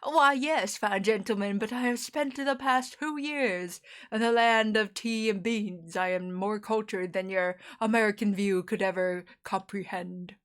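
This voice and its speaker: A woman's voice: mid-range voice, fairly even intonation, measured pace, few pauses, a bit bright, lightly acted. A woman putting on a pompous, affected voice as a haughty posh figure.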